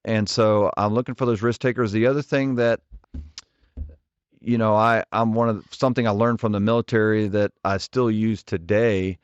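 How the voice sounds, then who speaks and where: Man, 40s, ministry leader guest, earnest and direct, low voice, dry dull podcast sound. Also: steady tone, normal speed, clear, resonant tone, no echo. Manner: earnest, direct, frequent restarts. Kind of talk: conversational interview storytelling.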